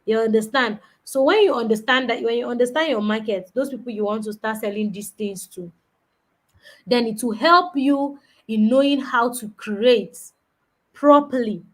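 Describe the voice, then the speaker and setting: A young woman gives a relaxed, conversational business talk. Her voice sits a little high. She keeps checking in with her listeners and acts out customer exchanges as she goes. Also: normal speed. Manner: conversational, repeats "you understand?", acts out customers. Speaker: business coach. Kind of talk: conference talk.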